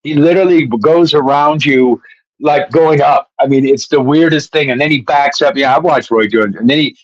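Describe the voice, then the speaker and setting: A man co-hosting a casual sports talk stream, rambling and excited as he retells old fights. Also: on the high side, moderate pace, no echo, highs cut off.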